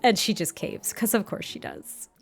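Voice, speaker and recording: A woman's voice: medium pitch, wildly swooping pitch, normal speed, creaky, husky, soft background music. Bubbly young woman gushing over gameplay. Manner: bubbly, gushing, laughs often. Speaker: gaming creator narrating a life-sim series. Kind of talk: casual gameplay commentary.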